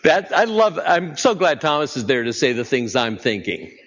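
A man's voice: medium pitch, very animated, normal speed, a bit bright, long reverb tail, muffled recording. A man preaching a sermon in a conversational way, often putting questions to his listeners. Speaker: pastor.

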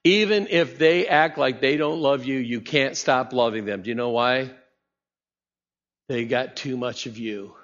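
A man's voice: medium pitch, measured pace, a bit bright. A male pastor delivers a conversational sermon and keeps asking his listeners questions. His voice carries a long reverb from the church around him. The recording sounds slightly muffled. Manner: conversational preaching with rhetorical questions.

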